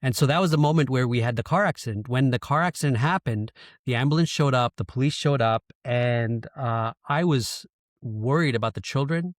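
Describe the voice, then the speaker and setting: Casting: man in his thirties from Canada, candid podcast guest, mid pitch, dry close sound. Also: fairly quick, dry recording. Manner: candid, emotional storytelling with frequent swearing. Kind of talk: casual storytelling interview.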